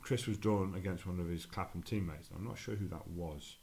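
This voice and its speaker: A man's voice: low voice, a little fast, gravelly, slight background noise. A man co-hosting a podcast, telling stories casually and acting out the other people's voices as he goes. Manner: animated storyteller acting out quoted voices, chuckling. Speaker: podcast co-host and tournament organizer. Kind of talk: casual storytelling chat.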